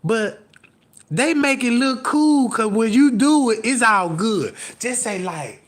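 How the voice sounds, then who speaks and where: High-voiced man ranting on a livestream. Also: animated, slow. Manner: profane, loose storytelling with frequent asides; laughs often while talking. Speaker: livestream host. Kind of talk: rambling live-stream rant.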